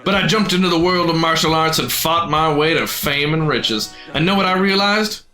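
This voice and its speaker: A man's voice: fairly high pitch, drawn-out words, a bit bright, soft background music. A man voicing a boisterous, folksy old male fighting-club boss in a game, with a drawling country twang.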